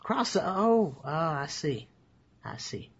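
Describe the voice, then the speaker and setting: A man's voice: a little high, sing-song, a little slow, slightly rough, highs cut off, exaggerated voice. A man voicing a folksy, rambling small-town police officer who stammers and misses the point. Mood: earnest.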